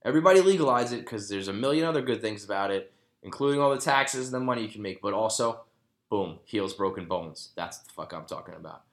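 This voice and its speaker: A man in his thirties riffs through the news in a lowish voice. He rambles, jokes and swears freely as he goes. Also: quick pace. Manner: rambling, profane, joking. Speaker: host. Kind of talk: casual news commentary.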